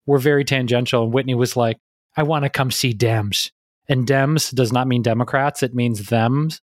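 On a remote call, a man co-hosts a podcast and trades casual, playful banter with his partner, sometimes breaking into silly pet voices. His mid-range voice has fairly even intonation at a normal speed, recorded dry with clean studio sound.

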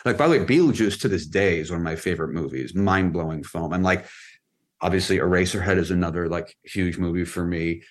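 A man guesting on a podcast, talking casually about filmmaking in a relaxed, rambling way full of "like" fillers. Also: low-pitched, fairly quick. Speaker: film and music video director, guest.

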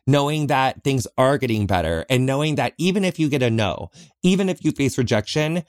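A man's voice: mid-range voice, dry recording, studio quality. A man hosting a podcast, talking alone in an earnest, reflective way from inside a small closet, often saying "like". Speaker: podcast host. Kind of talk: heartfelt solo podcast talk.

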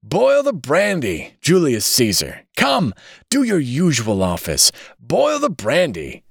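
A wild, drunken man in rags roars and slurs, as a male reader puts him on, his voice climbing high and swinging widely. The recording is dry and close, with no room sound. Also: huge pitch swings, slow, creaky, breathy edge, no room sound, full character voice. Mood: insistent. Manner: roaring, slurred, wild.

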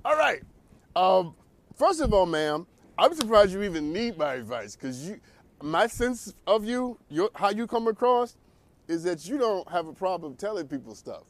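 A male talk show host delivers a loose comedic monologue in a fairly high voice that leaps up and down constantly. He preaches, jokes and laughs at his own asides. The sound is close and dry. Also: very animated, normal speed, dry recording.

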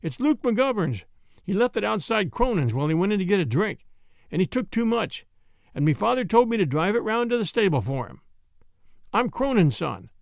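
A cocky, fast-talking street boy with a bright, high, bouncing voice, as a male narrator puts him on. He lies smoothly and shrugs everything off, with a gravelly catch in the tone. The recording is dry and close. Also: very animated, no echo, exaggerated voice. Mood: glib. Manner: flippant, glib, talks his way out. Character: cocky street boy driving a stolen cab. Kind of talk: audiobook character voice.

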